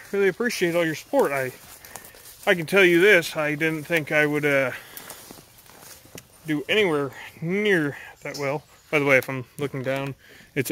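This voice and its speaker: A young man rambling casually in a walking vlog through the woods by a creek, telling animated stories, recorded on a handheld camera. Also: on the high side, slight background noise. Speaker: vlogger.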